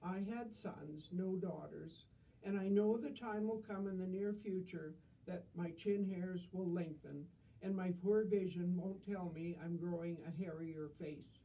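A woman's voice: on the low side, a little slow, distant mic, highs cut off. An older woman reading humorous stories with dry, self-deprecating wit.

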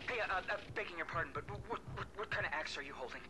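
A man's voice: high voice, animated, rapid-fire, sharp tone, exaggerated voice, rough recording. An actor playing a jittery, stammering man who says he hears voices in his head. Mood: timid. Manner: stammering, rambling. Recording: faint game audio amid in-game crowd noise.

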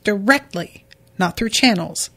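A woman reading the lines of a stern male military officer giving clipped orders, in her own hoarse voice. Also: medium pitch, lively intonation, unhurried, fairly bright tone. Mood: commanding.

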